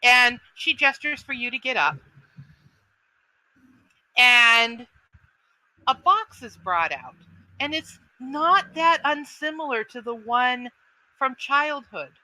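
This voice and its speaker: Slow, bright-voiced woman game master. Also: sits high, animated, dry recording, low-quality recording. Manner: hesitant, with frequent ums and uhs. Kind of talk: narrating a tabletop role-playing game.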